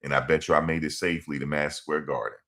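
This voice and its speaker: A man's voice: extremely low pitch, flat delivery, racing, a bit bright. A man streaming, rambling through a story in casual slang and repeating his phrases. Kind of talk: casual livestream commentary.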